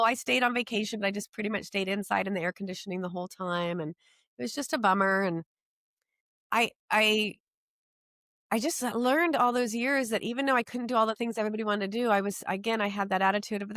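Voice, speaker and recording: A middle-aged woman telling her personal story as an interview guest, earnest and emotional, halting at times with restarts. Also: medium pitch, animated, a bit bright, no room sound, clean studio sound.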